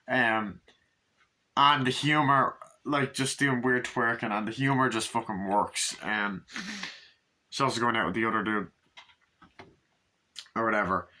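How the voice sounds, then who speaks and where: Casual male movie reviewer, mid-pitched, bright and forceful tone, rambling and profane. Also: slight background noise. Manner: rambling, retells scenes with quick put-on voices, casual swearing.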